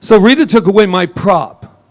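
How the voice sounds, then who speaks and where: Guy preaching a sermon, jokey and animated, kinda high-ish voice. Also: moderate pace. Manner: joking, animated, laughs often. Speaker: minister. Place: church service hall.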